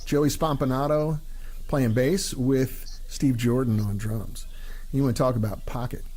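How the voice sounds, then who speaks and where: Male host, easygoing rambler, average pitch, casual stream chat. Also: fairly even intonation, measured pace, mellow. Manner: rambling, joking, frequent fillers. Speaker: livestream host.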